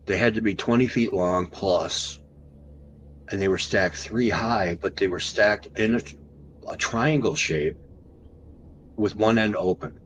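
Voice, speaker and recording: A man as a podcast guest, recounting an encounter story animatedly and slowing down for the tense moments. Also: lowish voice, dull audio, a little hiss or hum.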